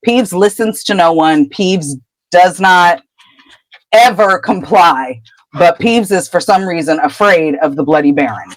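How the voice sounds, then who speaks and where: A woman co-hosting a podcast, retelling a book chapter in casual chat with lively storytelling. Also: lowish voice, a little slow, no echo, low-quality recording. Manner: animated storytelling. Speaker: podcast co-host.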